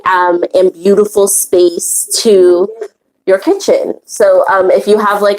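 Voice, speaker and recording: A woman's voice: fairly low pitch, a little mellow, low-quality recording. A woman hosting a women's spiritual circle, teaching in a casual, rambling way with many fillers and restarts and easy laughs.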